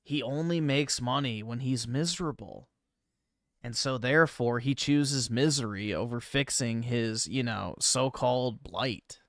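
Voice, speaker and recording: A man hosting a livestream, chatting casually with viewers and swearing freely, trailing off into low mumbled asides. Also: unhurried, fairly bright tone, no room sound, clean studio sound. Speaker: livestream host. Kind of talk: casual stream chat.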